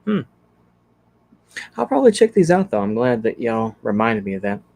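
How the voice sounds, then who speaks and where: A man's voice: medium pitch, very animated, moderate pace, creaky, darkish tone. A man chatting casually on his livestream, rambling easygoing and thinking aloud with lots of fillers as he reacts to comments. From Texas. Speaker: channel host.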